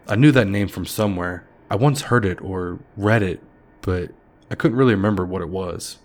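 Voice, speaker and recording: A man with a very deep, low voice narrates a horror story. His delivery is measured and somber, paced for a creepy tale.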